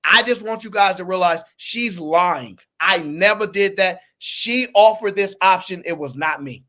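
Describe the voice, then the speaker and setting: A young man hosts a live stream and rants at an opponent, mocking and animated, repeating himself and calling people sir. His voice sits high and sounds bright and edgy. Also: unhurried. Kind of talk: heated commentary to a live chat.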